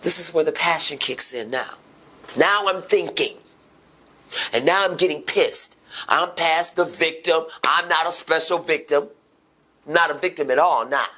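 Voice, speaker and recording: A middle-aged woman, telling her own story on a podcast in an emotional, impassioned way, dropping to a hush and then rising loud. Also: sits low, measured pace. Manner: emotional, impassioned, swings between hushed and loud. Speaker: podcast host. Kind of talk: personal testimony.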